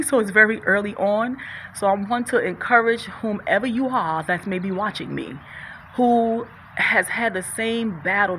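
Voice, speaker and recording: A woman's voice: mid-range voice, fairly bright tone, a little hiss or hum. A middle-aged woman vlogging to her viewers about faith and personal struggle, earnest and preachy, repeating phrases and sometimes fumbling her words. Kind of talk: faith-based personal vlog, talking to viewers.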